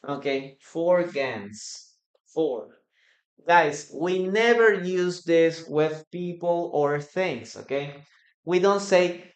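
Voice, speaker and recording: Slow, echoey-voiced male English teacher. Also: on the high side. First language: Spanish. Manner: slow, repeats example sentences with raised emphasis. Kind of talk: live online English lesson.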